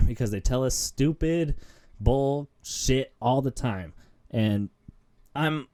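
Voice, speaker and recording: A man's voice: medium pitch, a little mellow, smooth. A young man hosting a podcast, talking in a casual, rambling rant with lots of fillers and self-mocking asides. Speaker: podcast host. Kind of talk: casual ranting monologue.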